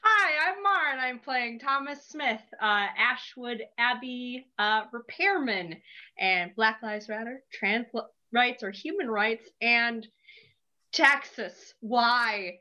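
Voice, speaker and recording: A woman's voice: a little high, bright, forceful tone. A woman introducing herself as a tabletop game player, speaking hesitantly. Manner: hesitant, slow. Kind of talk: casual chat at a tabletop game. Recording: dull, lo-fi mic.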